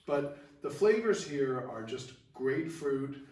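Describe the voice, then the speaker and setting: A man's voice: mid-range voice, animated, slow pace, darkish tone, reverberant, distant mic. A man co-hosting a wine show, upbeat, leading the tasting and moving between wines. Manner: upbeat, leads the tasting and segues. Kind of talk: casual wine tasting chat.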